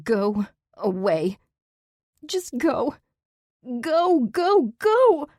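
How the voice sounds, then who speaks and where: A woman's voice: mid-range voice, extremely slow, darkish tone, no room sound, studio quality, pitched above the performer's own voice. A woman voicing a distraught young woman in a fantasy audiobook, shrieking her lines in desperate, sobbing fury. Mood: screaming despair.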